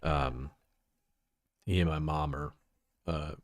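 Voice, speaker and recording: Deep-voiced Texan man, rambling and giggly. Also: fairly even intonation, takes it slowly, no room sound, studio quality. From Texas. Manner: rambling and giggly, trailing off into asides. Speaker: livestreamer. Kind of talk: casual livestream chat.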